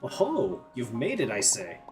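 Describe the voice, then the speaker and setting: A pompous old sea creature from a video game , put on by a male streamer. He talks in a stiff, formal, old-fashioned way, and his pitch rises and falls a lot. Soft game music plays in the background. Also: wildly swooping pitch, measured pace. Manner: pompous, formal, ends lines with "I say".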